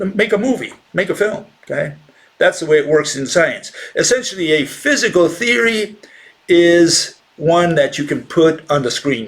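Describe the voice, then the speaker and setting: Blunt, halting man lecturing. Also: a little high. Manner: blunt, dismissive of rival theories, rhetorical questions; halting, many fillers and restarts. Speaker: science lecturer. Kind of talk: informal explanatory lecture.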